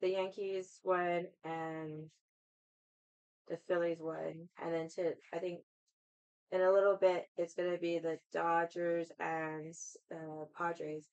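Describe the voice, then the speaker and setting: A woman's voice: lowish voice, little pitch movement, takes it slowly, a little mellow, clean tone, lo-fi sound. A woman hosting a casual stream, chatting with her viewers in a rambling way and swearing freely. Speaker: livestream host chatting with viewers. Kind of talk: casual chat.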